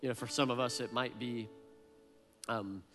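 A man's voice: medium pitch, fairly even intonation, normal speed, bright, forceful tone, soft background music. A man in his thirties preaching a heartfelt sermon, earnest and emotional, often repeating his words. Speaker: pastor.

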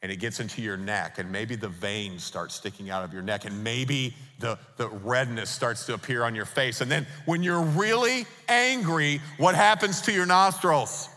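A man's voice: medium pitch, normal speed, hardly any pauses, bright, forceful tone. A man preaching a sermon as pastor, emphatic and putting rhetorical questions to the congregation. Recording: long reverb of a large hall.

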